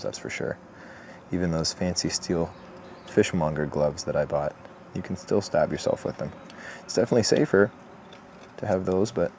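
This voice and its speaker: A man talking through a woodcarving tutorial outdoors in a relaxed, chatty way, with asides. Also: deep voice, slight background noise. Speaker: woodcarving instructor. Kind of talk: step-by-step tutorial narration. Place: outdoors in the morning.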